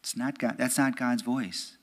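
A priest, an American man, giving a conversational homily in church. He keeps checking in with "right?" and sometimes drops to a hushed, near-whispered voice. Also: mid-range voice, fairly even intonation, unhurried, husky. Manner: conversational, often asks "right?". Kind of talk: homily at a prayer meeting.

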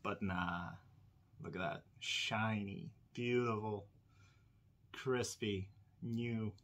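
A man with a fairly low, slightly bright voice speaks very slowly over slight background noise. The host of a diecast collector channel, he runs a casual indoor unboxing vlog, rambling and chatting with viewers and laughing often.

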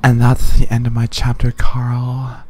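A man's voice: mid-range voice, darkish tone. A man giving casual, laid-back, rambling game commentary as a gameplay commentator.

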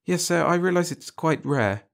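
A man's voice: fairly high pitch, animated, normal speed, gravelly, a bit bright, pitched above the performer's own voice. A man voicing a shy, polite young corporal who answers hesitantly in a storybook reading.

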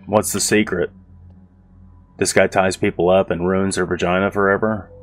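Sarcastic, rough-voiced man gaming. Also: low voice, little pitch movement, moderate pace. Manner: profane, rambling and sarcastic. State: rough-sounding voice, apologizes for how he sounds. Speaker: gaming video host. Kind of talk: casual let's-play commentary.

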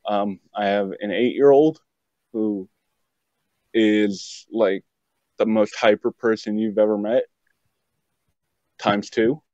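A young man from West Virginia chats as a podcast guest, rambling and cracking jokes. His voice sits low and the sound is muffled and lo-fi. The recording is dry, with no room echo. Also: slow pace, long pauses. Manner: joking, rambling, animated asides. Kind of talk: casual chat.

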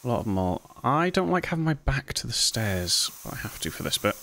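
A man's voice: mid-range voice, big pitch swings, brisk, vocal fry, bright, forceful tone, a little hiss or hum, rough recording. A young man giving jumpy, self-mocking commentary while playing horror games, with sudden yelps. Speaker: gaming video host.

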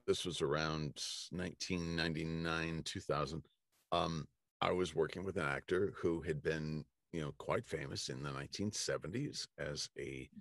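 Very deep, slow-talking male narrator. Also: fairly bright tone, no echo, studio quality. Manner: unhurried storytelling with many fillers and restarts. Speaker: audiobook narrator, interview guest. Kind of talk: casual anecdotal conversation.

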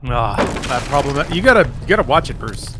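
A man's voice: medium pitch, big pitch swings, a little fast, noisy background. A man co-playing on a gaming stream, chatting with dry, sarcastic humor. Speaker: guest co-player. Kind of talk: casual gaming stream chat.

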